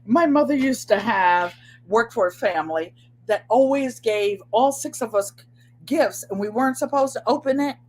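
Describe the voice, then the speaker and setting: A woman's voice: fairly high pitch, animated, moderate pace. An older woman hosting a sewing and crafts channel, chatting casually to viewers in a rambling way and often repeating herself. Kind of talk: casual live chat.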